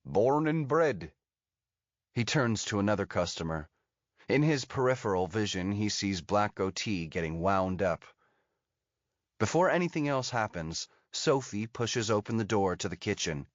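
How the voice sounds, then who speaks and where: A male audiobook narrator with a lowish voice, reading in a steady, measured way. The sound is dull and lo-fi, with a dead, dry feel and no room echo. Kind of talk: scripted narration.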